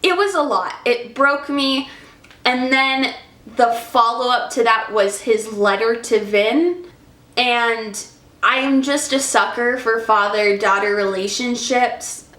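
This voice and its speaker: A woman's voice: on the high side, takes it slowly, fairly bright tone. A woman book vlogger in casual review chat, talking in an effusive, emotional, chatty way. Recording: echoey room.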